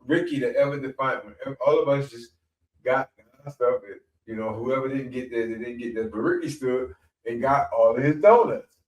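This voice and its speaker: A middle-aged man telling a story in a rambling, animated way, often repeating himself as a podcast guest. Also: medium pitch, moderate pace. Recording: echoey room, mic at a distance.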